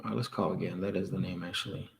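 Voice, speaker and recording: A sales coach hosts a live stream, casually thinking aloud and chuckling between cold calls to property sellers. His deep voice stays steady in tone but races along, with vocal fry.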